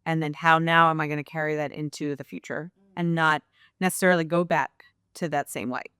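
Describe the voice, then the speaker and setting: A woman's voice: low voice, steady tone, a little fast, sharp tone, smooth, dry recording. A young adult woman, a guest in a casual interview, talking openly and reflectively with many fillers. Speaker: guest, nurse practitioner.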